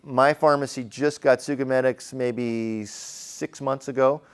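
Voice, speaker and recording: Smooth-voiced male medical lecturer. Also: medium pitch, fairly even intonation, a little slow. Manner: conversational, questions the class, frequent fillers. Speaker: emergency medicine instructor. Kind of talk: classroom lecture.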